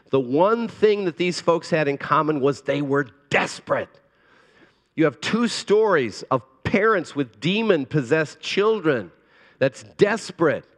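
A man preaching a sermon as a pastor, earnest and pleading, moving between hushed and emphatic delivery. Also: fairly high pitch, big-room sound.

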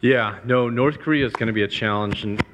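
A man's voice: medium pitch, fairly quick, background noise. Emphatic male preacher in a reverberant hall. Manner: emphatic, repeats key points, lifts voice to press them. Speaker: missions speaker. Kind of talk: preaching talk to a live audience.

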